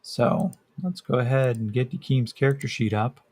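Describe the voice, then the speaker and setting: A man's voice: medium pitch, moderate pace, darkish tone, breathy edge. A man narrating a solo tabletop role-playing game as game master, casual and hesitant with many fillers.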